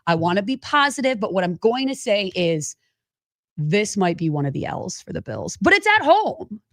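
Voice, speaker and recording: A woman's voice: medium pitch, no echo. A woman co-hosting a sports radio show, chatting casually and animatedly with her co-hosts. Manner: chatty, animated, quick to laugh. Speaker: radio co-host.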